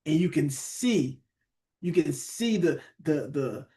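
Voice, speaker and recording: A man's voice: fairly high pitch, animated, slow pace, mellow. A man teaching a Bible study, conversational, often asking "right?" and reading verses aloud.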